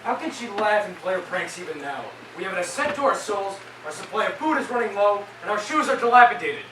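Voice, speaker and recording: A woman's voice: medium pitch, lively intonation, fast, natural voice. A woman playing a gloomy, complaining member of a wandering troupe, grumbling and sardonic. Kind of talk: amateur stage acting. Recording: echoey stage, distant mic, noisy.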